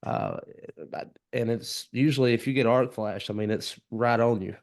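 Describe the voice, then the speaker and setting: A man's voice: medium pitch, normal speed, vocal fry. A man with a Southern US accent hosting a casual podcast chat, talking earnestly and easily, with folksy comparisons. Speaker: podcast host.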